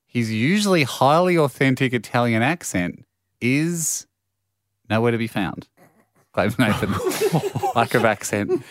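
A man co-hosts a casual podcast in a dry, close-miked sound. He reads listener messages with a wry, easygoing delivery at a middling pitch. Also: animated, normal speed, no room sound. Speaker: co-host.

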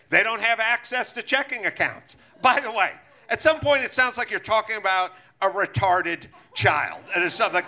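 A man with a high, piercing, very bright voice hosts a live comedy podcast. He rants hard, swears freely and jumps between mock quotes and outrage. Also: brisk. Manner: profane, ranting, animated. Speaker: podcast host.

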